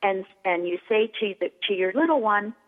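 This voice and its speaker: A middle-aged woman, a toy store owner and guest on a radio show, explaining things in an animated way and acting out examples. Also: mid-range voice, normal speed. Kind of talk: radio interview. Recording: tinny phone line with long reverb.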